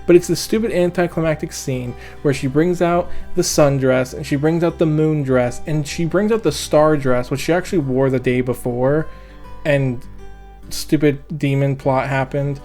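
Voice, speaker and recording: A man's voice: fairly high pitch, normal speed. Exasperated young man ranting, guitar behind. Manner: exasperated, sarcastic, swearing, laughing at own jokes. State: tired late at night. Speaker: book reviewer. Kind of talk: casual rant review. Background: soft background guitar music.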